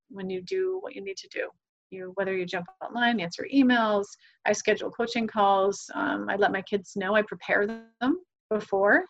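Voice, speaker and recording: An enthusiastic woman telling stories on a podcast, voicing the people she quotes. Her voice sits in a middle register. The audio is slightly dull and lo-fi. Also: medium pitch. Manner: earnest, enthusiastic, acts out quoted dialogue. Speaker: guest, parenting coach. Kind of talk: podcast interview, animated storytelling.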